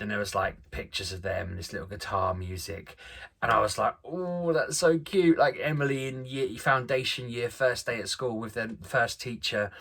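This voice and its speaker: A man's voice: fairly low pitch, creaky, sharp tone, breathy edge. A man in his thirties, a father vlogging, telling a family story in a chatty, self-deprecating way with frequent laughs. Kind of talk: casual storytelling chat.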